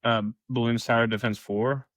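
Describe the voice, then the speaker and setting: A young man co-hosting a podcast speaks at medium pitch in a level, fairly bright tone at a moderate pace, with no room sound. His casual storytelling chat rambles and is packed with fillers.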